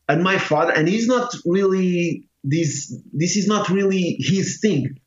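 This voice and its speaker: A man from Portugal with a Portuguese accent, telling a personal story in casual talk, halting with many restarts and fillers. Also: sits high. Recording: echoey, muffled room sound.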